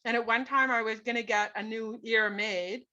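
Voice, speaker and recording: A middle-aged woman recounts her own story as an interview guest, earnest and emphatic, often tagging her sentences with a quick "right?". Her voice is bright and sits a little high. The recording is dull and lo-fi. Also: steady tone. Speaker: guest, author. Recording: dull lo-fi podcast audio.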